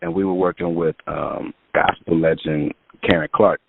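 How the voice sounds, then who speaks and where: A man's voice: extremely low pitch, fairly even intonation, normal speed, vocal fry, husky, no room sound. A man, a music producer guest, telling long casual stories in an interview with many fillers. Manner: rambling anecdotes with many fillers. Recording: tinny phone-line sound.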